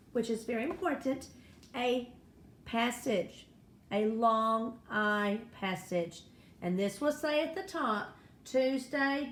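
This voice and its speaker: A woman teaching a first-grade spelling and phonics lesson, speaking patiently and encouragingly to young children. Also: high voice. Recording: echoey room with faint noise.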